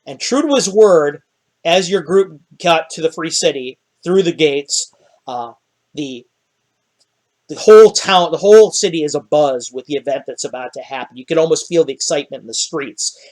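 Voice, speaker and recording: A man's voice: fairly high pitch, normal speed, darkish tone. A man narrating a tabletop game as dungeon master, rambling with many fillers.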